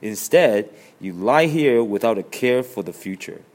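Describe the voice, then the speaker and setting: Stern, preachy ant, louder than usual, read by a man. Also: mid-range voice, animated, unhurried, natural voice. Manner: stern, lecturing. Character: serious hardworking male ant, stern and lecturing.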